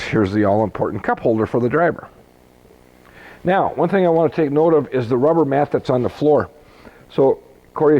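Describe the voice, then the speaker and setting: A man's voice: medium pitch, muffled recording. A man, a boat salesman, walking through a boat's features in a chatty, folksy way, joking as he goes. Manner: chatty, folksy, jokes and laughs easily. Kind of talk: product walkthrough. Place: boat dealership.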